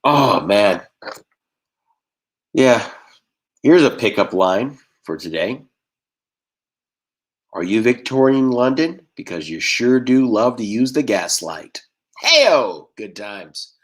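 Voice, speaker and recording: A man from Texas doing a stand-up set over a video call, firing off quick deadpan one-liners and putting on voices for the characters in his jokes. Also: mid-range voice. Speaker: stand-up comedian.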